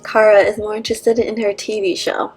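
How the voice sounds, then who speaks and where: A woman's voice: mid-range voice, little pitch movement, brisk, a little mellow, soft background music, rough recording. A woman vlogger and mother giving an upbeat, chatty voice-over that walks through her daily routine step by step. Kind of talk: voice-over narration of a day vlog.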